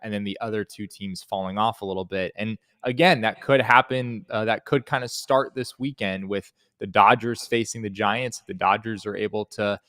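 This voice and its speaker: A man appearing as a guest on a sports podcast, talking through the analysis in a measured way with lots of filler "uh"s. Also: fairly low pitch, steady tone, bright, forceful tone, dry recording.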